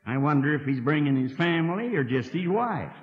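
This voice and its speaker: In a fairly high, expressive voice and at a slightly fast pace, a man in his sixties preaches in a college hall. His earnest, folksy sermon includes dry asides and words repeated as he thinks, preserved on a dull lo-fi archive tape from 1960.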